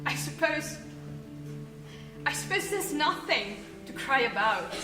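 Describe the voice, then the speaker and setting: A woman acting a wistful mother of the bride on stage, halting and repeating herself. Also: high voice, very animated, full character voice. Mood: tearful. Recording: echoey stage audio with music.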